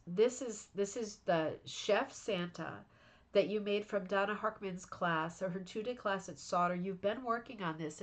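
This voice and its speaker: Tired, gushing woman hosting a craft show. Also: medium pitch. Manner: warm, effusive praise with frequent fillers. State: tired, yawning. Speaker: host of a rug hooking club show. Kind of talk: casual livestream chat reviewing viewers' crafts.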